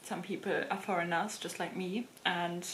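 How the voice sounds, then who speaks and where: A woman's voice: on the low side, fairly even intonation, normal speed, fairly bright tone, slight background noise. A woman with a German accent chatting casually to camera as a fashion vlogger, laughing often. German is her first language. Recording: roomy echoey room.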